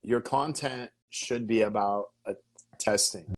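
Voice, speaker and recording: A man with a fairly low voice talks as a podcast guest, coaching listeners on marketing. He speaks with emphasis and energy, repeats his words and poses rhetorical questions to them. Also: slow pace.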